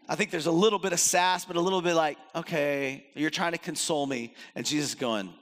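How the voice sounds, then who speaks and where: A man preaching a sermon in an animated way, acting out the voices he quotes and swinging between loud and soft. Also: on the high side, fast, few pauses. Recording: long hall reverb.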